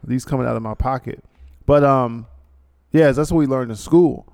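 Gravelly laid-back male podcast host. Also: medium pitch, normal speed, a little mellow, no room sound, studio quality. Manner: laid-back, rambling, laughs often, slangy. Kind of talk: casual chat.

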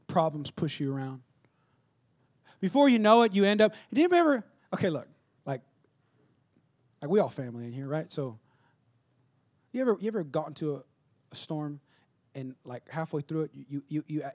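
Chatty high-voiced preacher, drawl. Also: male voice, normal speed, long pauses. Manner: conversational, repetitive, builds to shouting. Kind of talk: sermon.

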